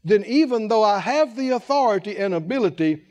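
High, lively-voiced male preacher. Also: brisk. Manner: animated preaching, rhetorical questions to the congregation. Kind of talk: sermon.

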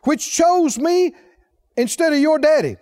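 A man preaching with a very high voice and lively, wide-ranging pitch. He speaks emphatically, dropping low and grave between pointed quotes. The sound rings with a long church reverb. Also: measured pace. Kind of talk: sermon.

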